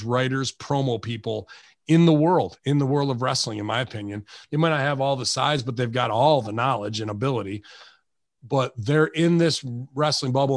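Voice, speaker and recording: A man hosting a casual podcast chat, ranting in an animated way, swearing freely and acting out quotes. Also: mid-range voice, no room sound, studio quality. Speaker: podcast host and former wrestler.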